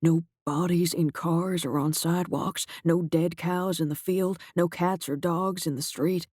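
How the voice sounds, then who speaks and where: A man's voice: a little high, fairly even intonation, dry recording, clean studio sound. A man voicing a grim, shaken director. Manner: quiet, halting, grave. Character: shaken middle-aged male agency director.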